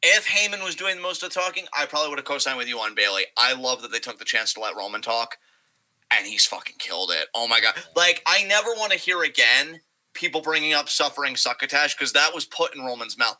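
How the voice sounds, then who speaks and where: A young man co-hosting a wrestling podcast, talking casually and profanely and slipping into quick impressions of wrestlers. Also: medium pitch, expressive, sharp tone, poor audio. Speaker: podcast co-host.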